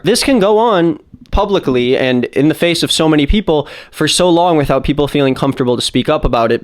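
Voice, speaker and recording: Man, YouTube commentary, blunt, indignant, smooth resonant voice. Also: fairly high pitch. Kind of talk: casual commentary.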